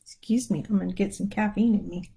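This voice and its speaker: A woman's voice: mid-range voice, fairly even intonation, quick pace, vocal fry, warm tone, slight background noise, poor audio. A woman leading a livestreamed prayer, chatting casually and laughing as she keeps yawning, speaking from a room at home. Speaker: prayer leader. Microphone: phone or webcam livestream.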